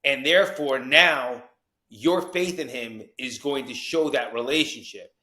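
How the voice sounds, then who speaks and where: A man from New Jersey, a podcast guest telling his story with animated energy and acted-out quotes. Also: medium pitch, unhurried. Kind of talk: storytelling interview.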